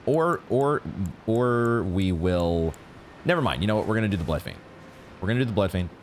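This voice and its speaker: Gamer host, low voice with big swings in pitch, narrates his play with excitable swearing; steady background noise. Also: moderate pace. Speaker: gaming channel host. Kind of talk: live gameplay commentary.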